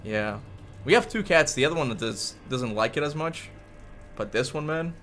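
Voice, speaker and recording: A gaming streamer at his home desk talks into a desk mic, his fairly high voice animated, a bit bright and moderately paced, with faint music in the background. He's out of breath as he chats casually and playfully with his livestream, slipping into baby talk with his cat.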